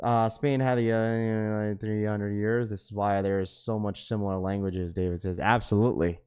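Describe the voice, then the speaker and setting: Casual and rambling, a young streamer talks with his chat and calls them "bro." He has a smooth, slightly mellow, lower voice with fairly even intonation and a normal speed.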